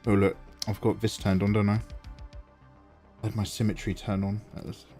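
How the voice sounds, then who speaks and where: A man's voice: on the low side, little pitch movement, normal speed, mellow. A man chatting casually with viewers on a live art stream while drawing, playfully snarky and greeting people by name. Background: faint synth music.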